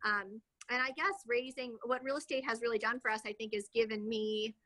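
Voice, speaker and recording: Woman in her thirties, chatty, rambling, bright voice, a bit high. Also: fairly even intonation, fairly quick, rough recording. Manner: chatty, rambling with many fillers. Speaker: guest, real estate agent. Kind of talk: casual interview talk.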